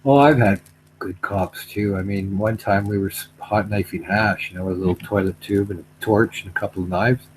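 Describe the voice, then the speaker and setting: A man's voice: fairly low pitch, steady tone, a little fast, low-quality recording. Middle-aged guy rambling through an old story, repeats himself, faint hum behind. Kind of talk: casual storytelling chat.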